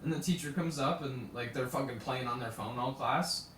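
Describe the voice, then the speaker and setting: A man's voice: mid-range voice, normal speed, a bit bright, a little hiss or hum. A young man in his late teens ranting on a live stream, indignant and profane, telling stories with acted quotes. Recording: roomy, from a distance, faint ambience.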